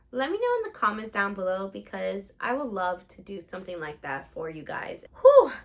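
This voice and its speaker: A woman's voice: mid-range voice, fairly bright tone. A young woman vlogging about theme parks, gushing and emotional as she talks. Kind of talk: excited theme park vlog chat.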